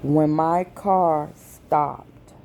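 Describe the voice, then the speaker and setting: Woman vlogger, low mellow voice, talks real slow and emotional. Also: fairly even intonation, creaky, slight background noise. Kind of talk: personal message to viewers.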